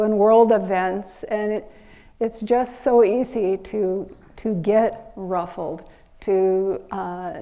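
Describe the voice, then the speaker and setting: A woman minister telling a story in a Sunday sermon, gently and with pauses. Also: mid-range voice. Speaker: minister giving a Sunday service.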